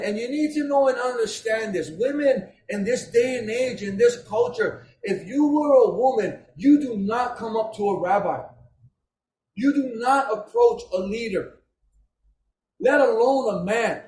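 High-voiced man preaching, roomy echo. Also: a little slow. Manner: impassioned, shouting at peaks, emotional. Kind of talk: sermon.

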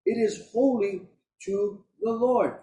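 High-voiced pastor preaching in an echoey church. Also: male voice, takes it slowly, dark tone, slight background noise. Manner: emphatic, conversational preaching. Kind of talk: sermon. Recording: echoey room, voice from a distance.

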